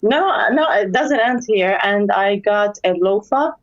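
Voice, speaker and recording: A woman's voice: mid-range voice, animated, measured pace. Giggly woman on a muffled call. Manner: giggly, hesitant, storytelling. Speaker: caller. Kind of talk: casual phone-in chat.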